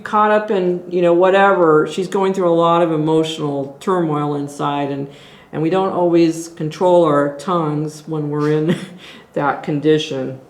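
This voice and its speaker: A woman leading a group Bible study, teaching in an earnest, exhorting way as she thinks aloud. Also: fairly low pitch. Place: church meeting room. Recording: echoey room.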